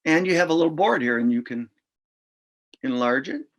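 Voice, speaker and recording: With lively intonation and a moderate pace, a middle-aged man in a fairly high voice walks through how reading lessons work. He keeps it informal and sounds out letters as he explains.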